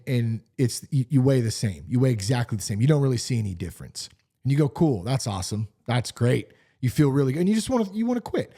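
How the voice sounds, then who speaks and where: A man in his forties hosting a podcast solo, talking in an animated, candid way and swearing freely. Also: medium pitch. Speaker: podcast host. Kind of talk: casual solo podcast talk.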